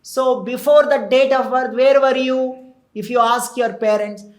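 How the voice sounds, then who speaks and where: A man's voice: very high-pitched, fairly even intonation, unhurried, rough recording. A man preaching a sermon, retelling a scripture story with rhetorical questions and chanted verses. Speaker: temple preacher.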